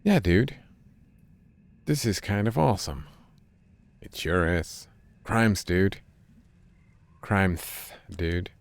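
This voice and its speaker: Slow, gravelly deadpan man. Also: sits low. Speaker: streamer reading game dialogue. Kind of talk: reading game dialogue aloud.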